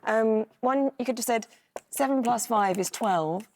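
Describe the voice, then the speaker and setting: A woman's voice: a little high, a little slow, darkish tone, slight background noise. Methodical woman explaining quiz sums. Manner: clear, methodical. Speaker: quiz show co-presenter. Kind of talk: calling letters and numbers.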